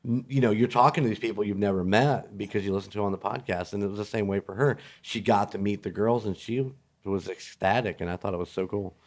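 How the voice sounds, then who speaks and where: A man filling in as a podcast co-host, easygoing in casual chat, laughing a lot and getting animated when he tells stories. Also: on the low side, fast, hardly any pauses.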